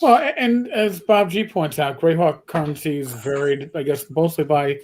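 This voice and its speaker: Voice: mid-range voice, a little mellow. A livestream host muses wryly about gaming, stumbling through hesitant restarts. A faint noise and clicks sit behind the voice. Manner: wry, hesitant, halting. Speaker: show host. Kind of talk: casual livestream chat.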